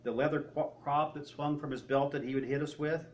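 A man telling a story in a sermon, retelling someone's words and often dropping his voice low. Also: steady tone, brisk, slight background noise. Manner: retelling a story with quoted speech, often trailing off quietly. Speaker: preacher.

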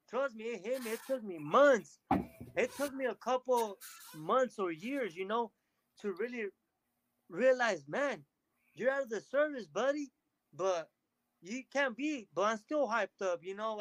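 A man talking as a podcast guest, telling energetic stories and acting out what others said to him. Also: sits high, no room sound, low-quality recording. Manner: energetic storytelling, quotes others in lively bursts. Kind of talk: casual interview chat.

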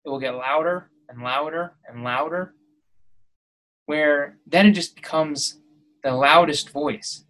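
A man's voice: fairly high pitch, slow, fairly bright tone, low-quality recording. A man hosting a podcast, delivering a preachy motivational monologue that builds to emphatic, exhorting peaks. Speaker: podcast host.

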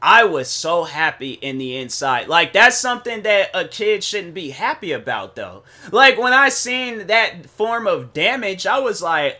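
A man's voice: on the high side, animated, moderate pace, hardly any pauses, pushed and bright. A young man hosting a podcast, telling a story in a casual, rambling way, full of restarts and "so anyways" asides. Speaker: podcast host.

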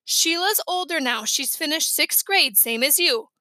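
Woman reading a patient mother, storybook, soft, measured, high voice. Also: animated, dry recording, full character voice. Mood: gentle. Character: patient mother, calm and gentle.

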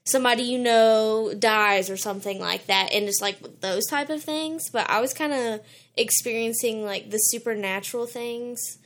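Young woman, earnest casual chat, slightly high voice, filler-heavy storytelling. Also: moderate pace, fairly bright tone. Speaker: guest sharing her testimony.

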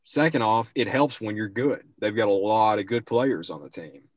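A man's voice: fairly low pitch, moderate pace, no room sound. A young man co-hosting a casual sports talk show, giving rambling, opinionated takes and restarting his sentences often.

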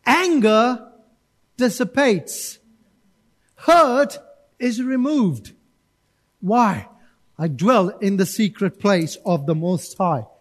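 Pastor guy preaching in church, really high voice, lively, acts out bits. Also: extremely slow, long pauses. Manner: animated preaching with acted-out voices. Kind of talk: sermon.

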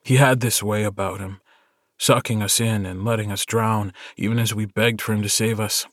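A male narrator voicing a steady, earnest young werewolf alpha who talks in a calm, quietly firm way. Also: lowish voice, normal speed, no echo, studio quality.

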